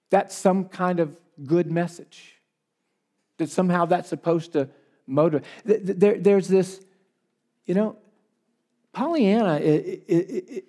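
A man preaching a sermon as pastor, emphatic, repeating key phrases for weight and dropping into conversational asides with quick restarts. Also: high-pitched, a little mellow.

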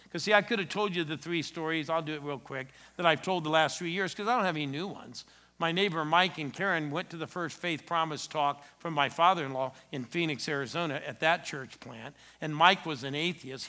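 A middle-aged man preaching a sermon in church, telling stories with sudden swings between loud exclamations and soft asides. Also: on the high side, brisk. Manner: animated storytelling with sudden loud and soft turns. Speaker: pastor.

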